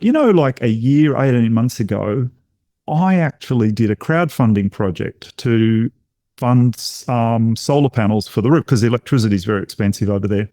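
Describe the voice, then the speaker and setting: Warm-voiced man telling a story. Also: mid-range voice, dry recording, studio quality. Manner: animated storyteller who acts out other people's lines. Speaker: podcast guest, intuition coach. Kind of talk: personal storytelling in a podcast interview.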